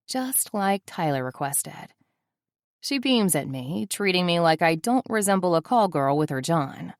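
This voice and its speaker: A woman's voice: fairly low pitch, lively intonation, unhurried, no room sound. A woman narrating a first-person audiobook in a wry, sardonic manner, close to the mic.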